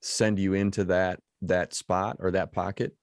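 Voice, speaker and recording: A man's voice: sits low, level tone, measured pace, dry recording, studio quality. A man hosting an interview podcast, asking long questions with many restarts and fillers. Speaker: podcast host. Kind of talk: casual interview chat.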